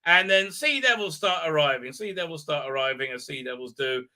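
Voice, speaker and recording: A man's voice: a little high, animated, brisk, bright, forceful tone. A man hosting a live episode recap, rambling and sarcastic with many filler sounds. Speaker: host reviewing a TV episode.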